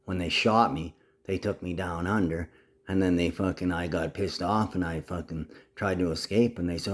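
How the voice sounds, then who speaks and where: A man with a very low voice rambles through a video message to his family. He sounds agitated and swears freely as he hops from topic to topic. Now and then he slides into a put-on Aussie twang. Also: brisk, a little mellow. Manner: profane, agitated, jumps between topics; slips in and out of a mock Aussie twang.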